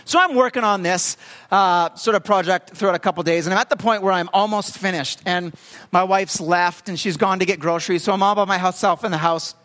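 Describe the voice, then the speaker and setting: A young adult man preaching a storytelling sermon as pastor, talking in a conversational, halting way with plenty of fillers. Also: sits high, a bit bright. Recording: long hall reverb.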